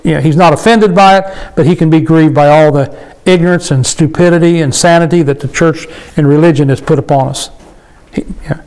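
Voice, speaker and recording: Man, high-pitched, informal Bible teacher, reads verses slowly, explains with questions. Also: steady tone, darkish tone, rough recording. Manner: reads scripture slowly, then explains plainly with rhetorical questions.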